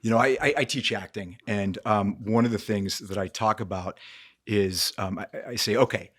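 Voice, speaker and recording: A man's voice: lowish voice, steady tone, moderate pace, fairly bright tone. A man who works as an actor, talking earnestly as a podcast guest and often acting out quotes in different voices. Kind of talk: casual interview talk.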